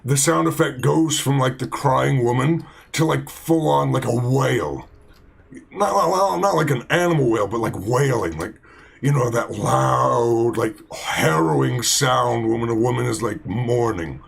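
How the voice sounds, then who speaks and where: A man's voice: medium pitch, measured pace, vocal fry. A man hosting a game let's play, chatting casually in a rambling way full of fillers and restarts. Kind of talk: casual gaming commentary.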